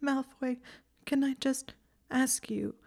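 A woman's voice: normal speed, dark tone, natural voice. A woman voicing a tearful young witch. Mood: sniffling. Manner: sobbing, high and strained while crying. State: crying.

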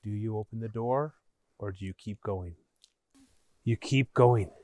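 A man hosts a podcast, narrating an interactive story in a measured way and dropping his voice low for suspense. His voice is a little mellow, and the recording is dry.

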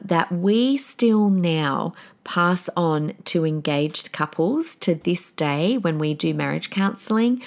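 Woman in her forties, podcast host, chatty and tearful, slightly low voice. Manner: chatty and emotional, tears up easily. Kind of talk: casual solo podcast talk.

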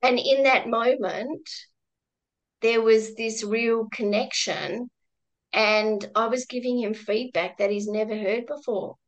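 A woman, a guest, telling a personal work story in a reflective, halting way with many restarts and some laughter. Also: fairly high pitch, dull audio. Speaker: guest, former crisis-line volunteer.

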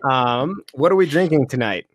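A man's voice: medium pitch, lively intonation, moderate pace, dry recording. Laid-back man hosting a podcast, dry sound. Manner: laid-back, laughing, lots of fillers. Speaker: podcast host. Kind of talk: casual chat.

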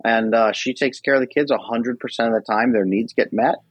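Man in his thirties podcast guest, husky and dry, animated delivery with wide swings in pitch. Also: brisk, no room sound. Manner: animated, acts out quoted people with big pitch jumps. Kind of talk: podcast conversation.

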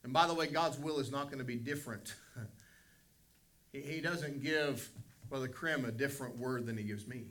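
A man's voice: medium pitch, a bit bright. A middle-aged man, a pastor, preaching a Sunday school lesson with emphatic swells of volume on key phrases.

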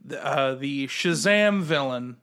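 A man's voice: mid-range voice, animated, slow pace, a bit bright. A man co-hosting a podcast in goofy, casual chat, giggling often and slipping into mock-grandiose boasts. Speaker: podcast co-host.

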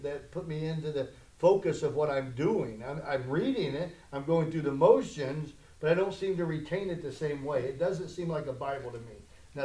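Guy preaching, high voice, chatty then gets loud and pushy, echoey church. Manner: conversational preaching that swells into loud emphatic challenges. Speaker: pastor. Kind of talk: sermon. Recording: echoey room.

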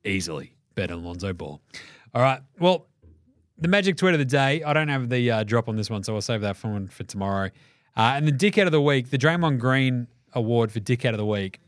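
An Australian man hosting a casual sports podcast, swearing freely and telling animated stories. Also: mid-range voice, fairly quick, no echo, clean studio sound. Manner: swearing, laughing, animated storytelling. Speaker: podcast host.

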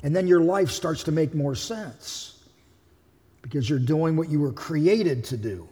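A man's voice: on the high side, lively intonation, a little slow, dark tone, in a large hall. A man preaching a sermon as pastor, emphatic, voicing the figures of the passage he reads.

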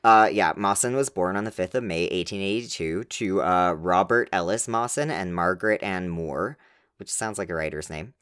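Very deep-voiced woman host. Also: normal speed. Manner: joking, teasing, wry asides. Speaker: podcast host. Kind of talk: casual chat, storytelling. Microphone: studio microphone.

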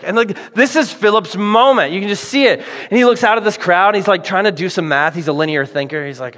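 A man's voice: high voice, brisk. Playful preacher man in a reverberant hall. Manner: animated storytelling with playful voices for characters. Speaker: pastor. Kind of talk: sermon.

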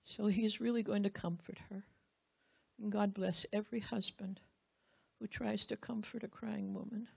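A woman's voice: mid-range voice, steady tone, moderate pace, creaky, slightly rough, no room sound. A woman Bible teacher giving a sermon, speaking earnestly and straight to the husbands in the room, acting out the quotes she reads.

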